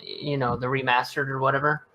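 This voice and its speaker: A man's voice: mid-range voice, little pitch movement, brisk, sharp tone. A man chatting on a casual gaming podcast, giggling and apologetic, sharing deals and movie talk. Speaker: podcast co-host.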